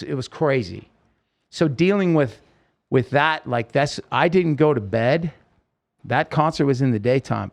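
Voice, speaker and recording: A man telling his own story in a podcast interview, earnest and halting, with many restarts. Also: medium pitch, gravelly.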